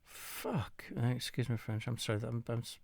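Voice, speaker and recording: A man's voice: medium pitch, monotone, quick pace, creaky, darkish tone, no room sound. A tired man, casually commenting while he plays a game of chess, muttering and swearing now and then. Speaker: gamer playing chess against the computer.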